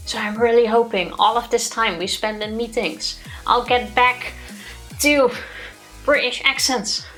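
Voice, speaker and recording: A woman's voice: medium pitch, a bit bright. A woman co-host with a Dutch accent, a native Dutch speaker, chatting casually, laughing easily and trailing off mid-sentence. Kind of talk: casual chat.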